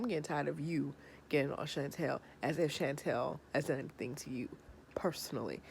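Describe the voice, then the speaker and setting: A woman in her thirties with a slightly low voice chats through a reality show episode. She is sassy and animated and sounds tired, as if talking late at night. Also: slight background noise. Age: 30s. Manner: sassy, animated, acts out the people she discusses. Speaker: reality TV recapper. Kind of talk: casual episode review.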